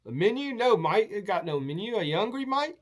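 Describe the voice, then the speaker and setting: A man's voice: high voice, very animated, fairly quick, voice pushed up. A man doing a cheery Australian host. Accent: put-on Australian. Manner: cheery, easygoing, says "mate" often. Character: friendly Australian man hosting a guest at his home.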